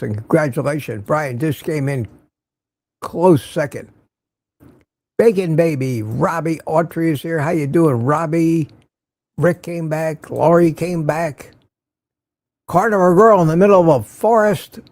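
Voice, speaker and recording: Gravelly older man chatting with viewers. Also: fairly high pitch, darkish tone, dry recording. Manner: chatty, greets viewers by name, wry asides. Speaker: livestream host. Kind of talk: casual morning livestream chat.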